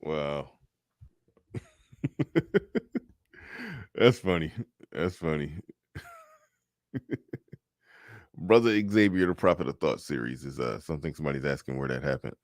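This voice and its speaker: Very deep-voiced relaxed host. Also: male voice, measured pace, pauses often, no room sound, clean studio sound. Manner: relaxed, amused, moves the show along. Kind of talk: casual chat.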